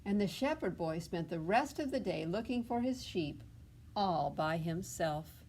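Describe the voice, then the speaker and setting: Woman reading aloud to kids, library storytime, coaxing questions, very slow, lowish voice. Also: lively intonation, darkish tone, slight background noise. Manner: asks children questions, coaxing "huh?" tags. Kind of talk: children's picture book read-aloud.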